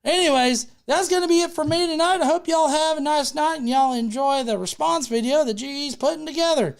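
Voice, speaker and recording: High-voiced woman rambling and cursing. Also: a little fast. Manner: rambling, joking, swears freely. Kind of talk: casual, profane livestream banter.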